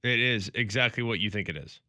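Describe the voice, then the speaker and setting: A man's voice: lowish voice, a little fast, sharp tone, no echo. A man co-hosting a sports radio show, answering with dry one-word quips and laughing often. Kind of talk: casual sports talk. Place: radio studio.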